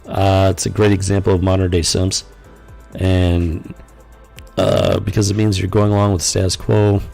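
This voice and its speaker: Low gravelly man rambling on stream. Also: flat delivery, normal speed, darkish tone, faint music behind. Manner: rambling, incredulous, with frequent fillers and laughs. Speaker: podcast host. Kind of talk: casual live-stream commentary.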